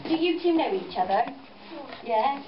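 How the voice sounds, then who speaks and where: A woman's voice: fairly high pitch, expressive, a little slow, crowd noise. A woman telling a story to children at a farm venue, coaxing and playful, with many tag questions. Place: farm venue, roomy space. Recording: echoey, distant, dull with background noise.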